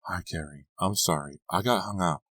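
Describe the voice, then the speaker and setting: A man voicing a soft, teasing teenage girl on the phone in an audiobook. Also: deep voice, moderate pace, no echo, clean studio sound.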